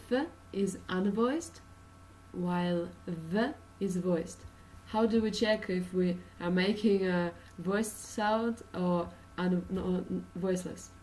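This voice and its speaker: A woman's voice: on the low side, dark tone, distant mic, slight background noise, poor audio. A woman from Russia with a Russian accent, teaching an English pronunciation lesson with many uh and um fillers and patient explanations.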